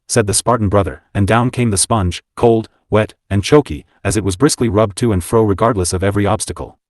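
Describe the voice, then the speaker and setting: Low-voiced male audiobook narrator. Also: fairly quick, few pauses, darkish tone, no echo, studio quality.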